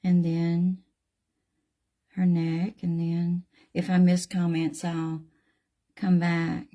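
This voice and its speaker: A woman's voice: lowish voice, monotone, slow, warm tone. A middle-aged woman with a Southern US accent, hosting a live craft tutorial and chatting in a folksy way with viewers while she paints. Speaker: craft channel host.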